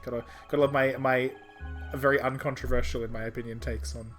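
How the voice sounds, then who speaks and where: A man's voice: mid-range voice, flat delivery, brisk, music in the background. A man streaming a game playthrough, chatting casually and joking in a rambling, self-mocking way.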